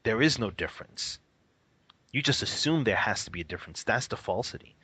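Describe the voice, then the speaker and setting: A man's voice: lowish voice, expressive, fairly quick, pushed and bright, slightly rough, no room sound. A man who teaches meditation, explaining things casually in a radio interview. He laughs often and acts out the reactions of the people he quotes. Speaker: Buddhist teacher.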